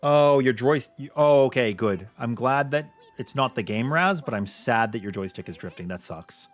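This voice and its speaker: A man's voice: medium pitch, lively intonation, normal speed. A man streaming a video game, chatting casually with his viewers and sharing blunt opinions. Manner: chatty and opinionated, reacting to chat. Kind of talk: casual live-stream chat.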